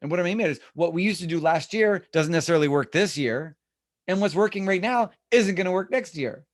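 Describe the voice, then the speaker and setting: A man's voice: high voice, expressive, quick pace, no echo, clean studio sound. A man leading an online real estate class from his home office, chatty and rambling, over a video call. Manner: chatty, rambling, self-deprecating.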